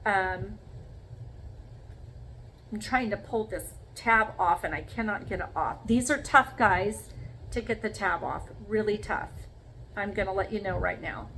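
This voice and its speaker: A woman's voice: medium pitch, a little slow, pauses often, a bit bright, slight background noise, poor audio. A woman demonstrating sponge painting in a casual craft vlog, talking viewers through each step and checking in with them often. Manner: chatty, talks viewers through each step with frequent "okay?". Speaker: craft vlogger.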